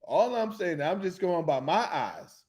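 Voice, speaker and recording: Animated, high-voiced sports talk host. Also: male voice, unhurried. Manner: excitable, rambling, loses his train of thought.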